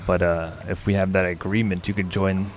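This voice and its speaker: A man's voice: deep voice, little pitch movement, moderate pace, slight background noise. A man streaming a co-op game, chatting casually and rambling to his co-player while he plays. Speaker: gaming streamer. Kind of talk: casual gameplay commentary.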